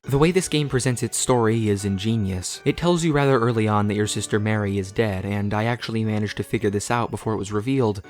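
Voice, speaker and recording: A man's voice: fairly low pitch, fast, hardly any pauses, a little mellow, soft background music. A young man narrating a game essay in a blunt, self-deprecating, profane way. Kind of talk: scripted voice-over narration.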